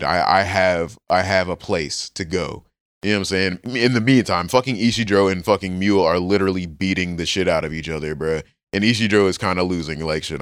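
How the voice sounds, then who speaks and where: A man co-hosting a podcast, recapping a manga in rambling, slangy casual chat and acting out the characters in quick voices. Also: on the low side, clear, resonant tone, no room sound, studio quality. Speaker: podcast co-host.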